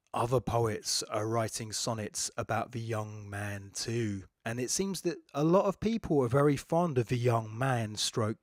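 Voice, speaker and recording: A man's voice: mid-range voice, no room sound. Chatty man explaining poetry, dry sound. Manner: chatty and digressive, with fillers and self-corrections. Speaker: podcast host. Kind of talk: casual spoken lecture on poetry.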